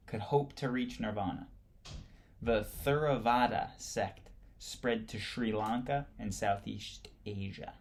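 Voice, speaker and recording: Slow, gravelly man reading a textbook. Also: medium pitch. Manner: halting reading, stumbles and rereads words. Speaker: instructor. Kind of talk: reading a history textbook aloud.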